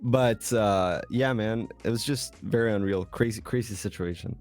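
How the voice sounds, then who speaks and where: Young Swedish guy, low register, laid-back profane storyteller; soft music bed. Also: normal speed. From Sweden. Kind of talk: casual chat.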